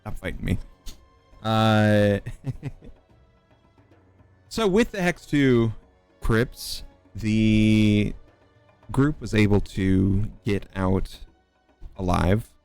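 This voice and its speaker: A man running a tabletop game as game master, narrating in a halting way with many fillers. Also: on the low side, a little mellow, clean tone, no room sound, faint music behind. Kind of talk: casual chat and game narration.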